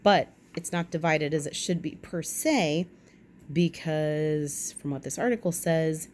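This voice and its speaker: Low-voiced woman reading with wry asides. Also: a little slow, darkish tone, a little hiss or hum. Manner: chatty asides, wry and self-correcting. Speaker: vlog host. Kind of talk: reading aloud with casual commentary.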